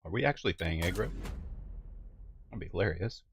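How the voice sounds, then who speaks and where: A man's voice: sits low, animated, a little fast, creaky, faint music behind. A man streaming a strategy game, chatting casually and musing aloud to his viewers. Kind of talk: casual live-stream commentary.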